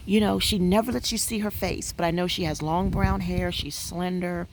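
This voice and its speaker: This woman's voice is fairly low and darkish, with fairly even intonation and a measured pace, and there's slight background noise. She's a vlogger seated outdoors at home, rambling through a casual, musing chat full of fillers.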